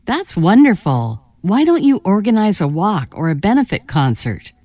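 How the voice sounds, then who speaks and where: Lily a cheerful helper. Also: female voice, mid-range voice, big pitch swings, normal speed, mellow, no echo, studio quality. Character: cheerful young woman giving helpful ideas. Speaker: textbook audio dialogue speaker. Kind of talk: scripted textbook dialogue.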